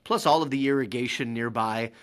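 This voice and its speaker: A man talking as a podcast guest, telling stories in an animated, excitable way with quick restarts. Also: mid-range voice. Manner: animated, excitable storyteller with laughs and frequent restarts. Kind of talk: casual interview storytelling.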